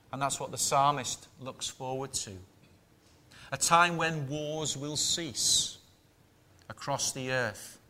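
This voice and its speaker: Slow, forceful male preacher. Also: on the high side, slight background noise. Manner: measured, emphatic preaching with rhetorical questions. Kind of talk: sermon.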